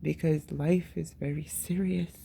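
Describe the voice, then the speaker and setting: A woman's voice: low-pitched, steady tone, unhurried, vocal fry, warm tone, a little hiss or hum. A woman and mother talking candidly in a casual personal monologue, swearing freely and laughing often.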